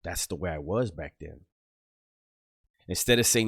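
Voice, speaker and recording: A man's voice: sits low, animated, measured pace, creaky, long pauses, slightly rough, dry recording, clean studio sound. A middle-aged man telling a story from his past in a casual, rambling way, heavy on street slang and swearing.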